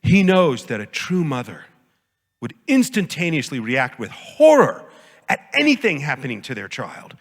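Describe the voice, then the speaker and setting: A man giving a conference lecture as a professor, lively and jokey, often acting out quoted voices. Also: moderate pace. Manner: animated, jokey, acts out quotes with big pitch jumps. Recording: long hall reverb.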